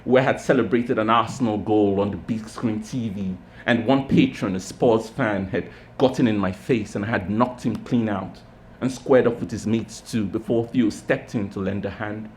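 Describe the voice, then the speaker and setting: A man at a pub open mic reading his own short story in a measured, literary way. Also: fairly low pitch, darkish tone, a little hiss or hum. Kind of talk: reading fiction aloud. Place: pub stage.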